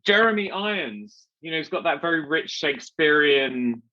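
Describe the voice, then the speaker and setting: A man's voice: fairly high pitch, animated, moderate pace, pushed and bright, dull audio. Chatty man hosting a podcast. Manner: chatty, rambling with many restarts and fillers. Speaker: podcast host. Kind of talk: casual podcast chat.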